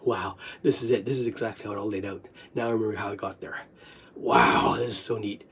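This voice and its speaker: A vlogger telling a personal story in a rambling way, laughing, coughing and half-crying, swearing freely and dropping to a low quick murmur for asides. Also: steady tone, a bit bright, slightly rough. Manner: laughs, coughs and half-cries while reliving a memory.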